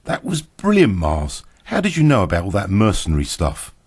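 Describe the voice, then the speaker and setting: A man's voice: on the low side, huge pitch swings, a little mellow, breathy edge, no echo, studio quality, full character voice. A man voicing a thoughtful, wary male character in a storybook reading. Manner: thoughtful, measured.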